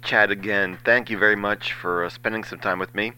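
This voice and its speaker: A man's voice: lowish voice, steady tone, a little fast, pushed and bright, clear, resonant tone, rough recording. A man interviewing a guest, with polite, formal wrap-up phrasing. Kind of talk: radio-style interview.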